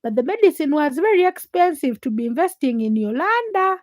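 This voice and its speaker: A woman from Uganda hosting a casual late-night livestream, telling stories in an animated way and reading viewer comments aloud. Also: high voice, fairly quick, no echo. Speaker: livestream host.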